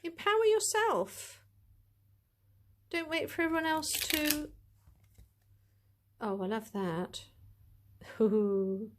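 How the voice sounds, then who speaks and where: A woman's voice: sits high, slow pace, pauses often, a little hiss or hum. Chatty woman gushing over cards. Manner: chatty, gushing, rambling with asides. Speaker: tarot reader reviewing a deck. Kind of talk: casual deck review to camera.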